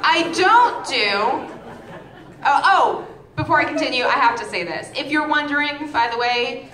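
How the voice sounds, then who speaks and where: A young woman with a high voice performs stand-up into a stage mic, deadpan and full of stammering restarts. The club sound is roomy and echoing. A loud crowd laughs behind her. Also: measured pace, background noise. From Massachusetts, outside Boston. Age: 20s. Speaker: stand-up comedian opening act. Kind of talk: stand-up comedy set. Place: music hall stage. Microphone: stage microphone. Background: audience laughing.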